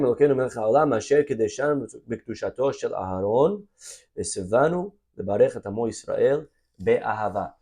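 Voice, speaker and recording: A rabbi teaching a Torah class, reading Hebrew verses aloud, translating them and calling his listeners "my friends". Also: mid-range voice. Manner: animated, addresses listeners as "my friends".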